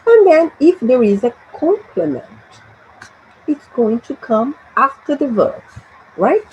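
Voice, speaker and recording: Slow, lively Brazilian woman teacher. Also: high voice, highs cut off, slight background noise. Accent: Brazilian Portuguese. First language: Portuguese. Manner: slow, drilling phrases for students to repeat. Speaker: English teacher. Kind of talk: English grammar lesson.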